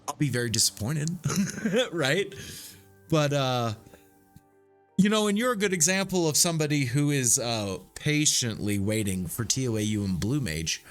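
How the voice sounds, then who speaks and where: Soft music underlies a man's mid-range, expressive voice moving at normal speed. He's playing a game on a live stream, talking to his chat in a relaxed way and swearing a lot.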